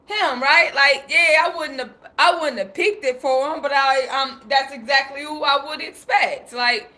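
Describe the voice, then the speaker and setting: A young woman hosting a livestream talks in a high, bright voice. She tells stories casually, with lots of slang, and laughs as she quotes herself. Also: a little slow. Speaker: livestream host.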